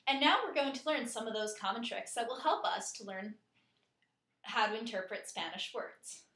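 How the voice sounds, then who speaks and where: A woman narrating a scripted lesson in a clear, steady way, slowing down to spell out and pronounce words. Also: on the high side, reverberant. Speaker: teacher.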